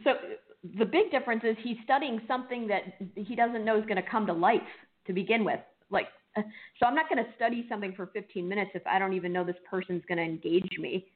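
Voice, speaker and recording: A woman's voice: medium pitch, quick pace. Blunt woman speaking over a phone line. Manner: blunt, firm in disagreement. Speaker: recruiter and co-host. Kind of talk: casual chat.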